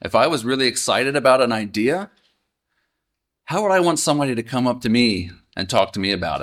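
Brief: man, mid-pitch, lively animated delivery, chatty Bible-study preacher who keeps asking the room questions. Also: fairly quick. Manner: conversational, asks the listener questions, chuckles. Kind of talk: casual Bible teaching.

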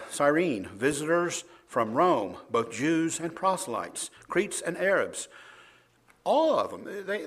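Animated man preaching a sermon. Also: on the high side. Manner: animated, laughs often, reads verses louder. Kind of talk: sermon with scripture reading.

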